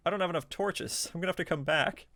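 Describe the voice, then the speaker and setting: A man streaming a video game, chatting casually with viewers, laughing often and reacting excitedly. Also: a little high, fast talker, no room sound, faint music behind. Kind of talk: casual live gameplay commentary.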